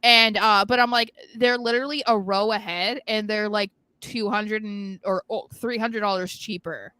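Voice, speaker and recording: A young woman chats excitedly on a podcast, often giggling and rambling as she gets carried away. Her voice is bright and forward. The sound is dry and close. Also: mid-range voice, moderate pace, no room sound. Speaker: podcast co-host. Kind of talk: casual chat.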